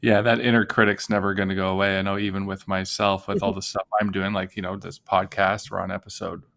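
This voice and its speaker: A man hosting a podcast as a life coach, talking in a relaxed, reflective way. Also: low voice, fast talker, vocal fry. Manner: reflective, thinking aloud. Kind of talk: casual podcast conversation.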